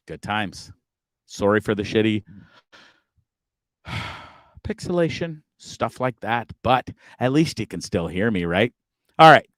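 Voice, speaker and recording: A man's voice: lowish voice, animated, measured pace, pauses often, a bit bright, dry recording. Male stream host, casual rambling chat, lots of swearing, stumbling restarts, dry close sound. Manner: rambling, frustrated, swears a lot, stumbles over words. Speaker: livestream show host. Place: campground, streaming over weak shared Wi-Fi.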